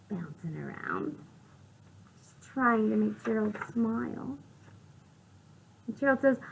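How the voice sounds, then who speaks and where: A woman librarian reading a storytime for small children, sing-song and often dropping into soft whispers. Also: medium pitch, big pitch swings, takes it slowly, vocal fry, pauses often, slight background noise, rough recording.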